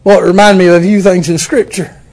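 A man's voice: high-pitched, flat delivery, quick pace, a little mellow. A man preaching a folksy sermon, telling the story with exclamations and chuckles.

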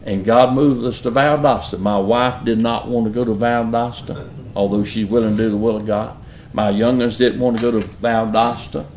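A man's voice: medium pitch, fairly even intonation, moderate pace, few pauses, a little mellow, reverberant, a little hiss or hum. A middle-aged man with a Southern US accent, preaching and telling stories in an earnest, folksy way. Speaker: pastor. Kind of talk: sermon storytelling.

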